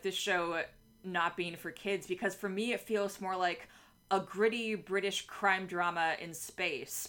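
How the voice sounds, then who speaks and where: A woman co-hosting a podcast in casual chat. Her talk is animated and often breaks into laughter, with plenty of filler words between thoughts. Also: mid-range voice. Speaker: podcast co-host.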